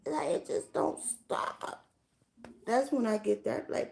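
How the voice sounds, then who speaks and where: Profane ranting young woman with gravelly voice. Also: a little high, takes it slowly, a little mellow. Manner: blunt, profane, rhetorical questions. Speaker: livestreamer. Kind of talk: casual livestream rant.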